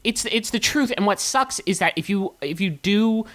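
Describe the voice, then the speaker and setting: A man's voice: high-pitched, expressive, moderate pace, a bit bright. A man co-hosting a comedy podcast, rambling jokily and self-aware in casual chat. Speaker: podcast co-host.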